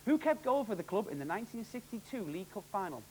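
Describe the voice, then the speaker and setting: A man hosting a televised quiz, with upbeat, jokey, quick quizmaster delivery. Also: high-pitched, big pitch swings, darkish tone, a little hiss or hum, poor audio. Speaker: quiz show host.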